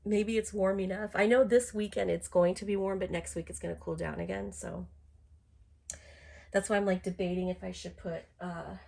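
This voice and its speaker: Husky, congested middle-aged woman chatting live. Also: medium pitch, fairly even intonation, moderate pace, a little mellow. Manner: chatty and rambling, many fillers and restarts. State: congested from a cold. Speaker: doll collector streaming live. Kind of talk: casual live-stream chat.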